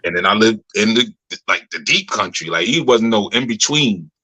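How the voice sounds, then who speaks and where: A man's voice: fairly low pitch, animated, moderate pace, pushed and bright, poor audio. A man giving a casual, story-filled talk to his community, who laughs often and speaks in a loose colloquial way. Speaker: community leader speaking to members.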